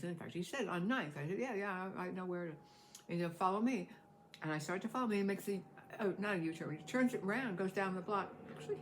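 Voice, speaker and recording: An older woman with a lowish voice that swings widely as she talks. She tells a story in a chatty, casual way and laughs often. A faint hiss sits under her voice. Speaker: vlogger.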